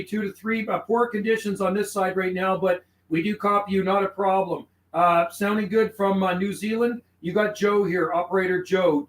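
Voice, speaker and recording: Friendly radio operator man, roomy sound. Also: sits high. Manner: friendly, uses radio call signs and codes. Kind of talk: casual radio call and logging chat.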